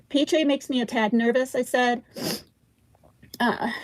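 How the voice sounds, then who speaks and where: A woman's voice: a little high, steady tone, normal speed, long pauses, no echo. A woman hosting a casual livestream, reading text messages aloud and stopping often with fillers and asides. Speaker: livestream host.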